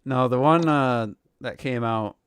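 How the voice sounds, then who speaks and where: Smooth dry-voiced man chatting on a podcast. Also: medium pitch, a little slow, a bit bright, dry recording. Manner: rambling, full of fillers and asides. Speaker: podcast co-host. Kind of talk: casual podcast chat.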